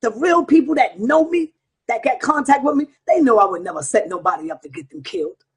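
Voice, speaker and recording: A man with an extremely high, slightly rough voice hosts an online show, speaking briskly and animatedly. He delivers a heated, profane monologue straight to his viewers, combative and preaching at them.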